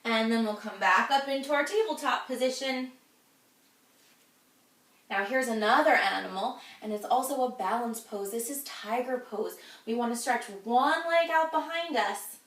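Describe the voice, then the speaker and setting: Woman, kids' yoga teacher, high voice, cheerful and encouraging, echoey room, heard from a distance. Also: fairly bright tone. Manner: cheerful, encouraging, speaks to children. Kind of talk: guided children's yoga class.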